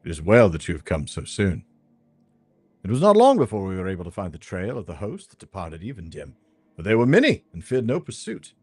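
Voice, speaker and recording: A man's voice: low-pitched, wildly swooping pitch, brisk, a little mellow, slightly rough, no room sound, exaggerated voice. A man voicing a grave male quest-giver in a fantasy game, reading the quest text aloud in a solemn, archaic manner.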